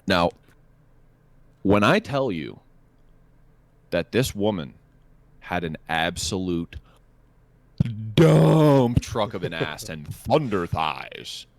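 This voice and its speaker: A young man tells a crude, profane story on a podcast, rambling and stammering as he goes. His pitch sits low, but his delivery swings up and down a lot. The sound is close and dry. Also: sing-song, slow, gravelly, pauses often, no room sound. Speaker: podcast co-host. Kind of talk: casual storytelling chat.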